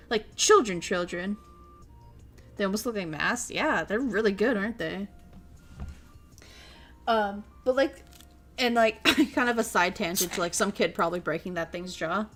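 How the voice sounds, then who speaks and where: A woman's voice: medium pitch, animated, normal speed, fairly bright tone, faint music behind. A young woman from Minnesota, a streamer telling stories in casual chat, rambling and swearing freely. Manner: rambling, profane storytelling.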